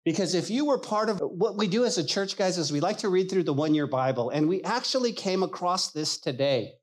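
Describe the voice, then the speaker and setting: A man preaching a sermon as pastor, animated and emphatic, acting out the people he quotes. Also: high voice, a little fast.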